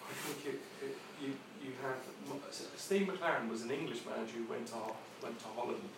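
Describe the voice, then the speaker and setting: A man taking part in a casual group discussion, halting and repeating words as he gathers his thoughts. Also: mid-range voice, vocal fry. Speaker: discussion participant. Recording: distant, very echoey room with noise.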